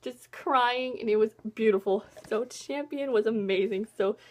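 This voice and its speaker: A woman's voice: on the high side, moderate pace, darkish tone. A young woman vlogger chatting casually about a book she loved, gushing and emotional, rambling with lots of fillers. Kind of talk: casual book review chat.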